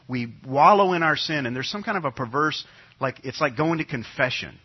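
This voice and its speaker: A middle-aged pastor from New York delivers a sermon in a conversational style, repeating his key phrases. His medium-pitched voice is animated, brisk and slightly rough, and the lo-fi recording sounds dull.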